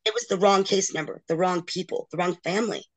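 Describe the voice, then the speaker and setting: A woman's voice: fairly low pitch, fast talker. A middle-aged woman, a guest in an interview, frankly and emotionally recounting a long personal ordeal. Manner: emotional, frank, acts out others' quoted words. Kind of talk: candid personal storytelling.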